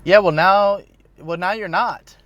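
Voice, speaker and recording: Higher-voiced man trading dry quips. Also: measured pace, a bit bright, muffled recording. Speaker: podcast co-host. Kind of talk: casual chat.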